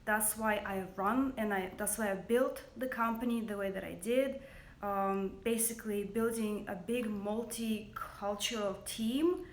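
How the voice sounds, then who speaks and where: A woman's voice: medium pitch, unhurried. A woman in her thirties with a Russian accent, a business founder speaking earnestly and hesitantly in a personal livestream, with many fillers. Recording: roomy echo.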